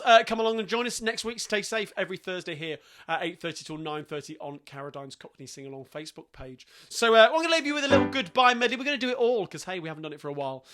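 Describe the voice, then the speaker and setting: A man hosting a live-streamed sing-along, chatting cheerfully and quickly between songs. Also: high voice. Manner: chatty, cheerful, rapid asides. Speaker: sing-along host and pianist. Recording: live stream over loud piano. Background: piano music.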